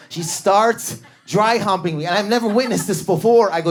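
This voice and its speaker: A man in his thirties doing an animated stand-up comedy set on a club stage, telling stories with bursts of energy and acted-out voices. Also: fast talker, hardly any pauses. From Canada. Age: 30s. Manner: high-energy, animated storytelling with sudden volume swings and acted-out voices.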